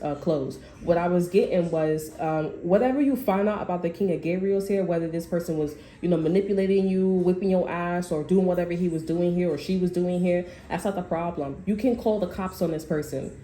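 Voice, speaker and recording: Mellow-voiced woman giving a blunt tarot reading. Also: lowish voice, a little fast, few pauses. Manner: blunt and profane, lots of fillers. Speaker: tarot reader. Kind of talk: casual tarot reading to camera. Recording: roomy echo, faint background noise.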